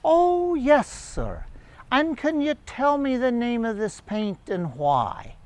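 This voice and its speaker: A man's voice: extremely high pitch, huge pitch swings, takes it slowly, pitched above the performer's own voice, full character voice. A man voicing a prim, politely blunt older British lady in a put-on British accent.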